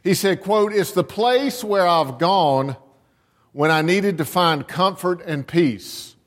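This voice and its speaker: Older American man, pastor, sermon delivery, high pitch, deliberate, reverberant church. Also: expressive. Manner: rhetorical questions, slow deliberate emphasis.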